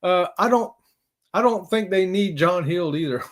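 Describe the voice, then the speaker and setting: A fairly high-voiced man chats casually on a live stream. He rambles, chuckles often and calls out to viewers by name. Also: lively intonation, moderate pace.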